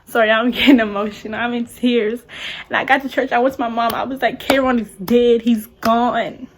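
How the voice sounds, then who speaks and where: A young adult woman telling a story on her vlog in casual chat, animated and slangy, full of "like"s. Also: on the high side, normal speed, background noise. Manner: animated, talks with many "like"s and slang. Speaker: vlogger.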